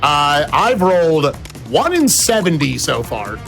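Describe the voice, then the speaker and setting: A young man speedrunning live, joking and excitable as he chats with co-commentators. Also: on the high side, creaky. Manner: excitable, joking, quick banter. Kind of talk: casual live commentary while playing. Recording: game music behind the voice.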